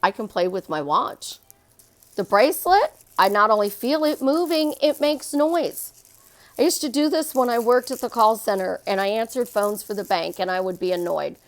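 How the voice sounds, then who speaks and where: A woman's voice: mid-range voice, animated, normal speed. A middle-aged woman, a life coach, giving an emphatic motivational monologue and repeating phrases to drive her point home.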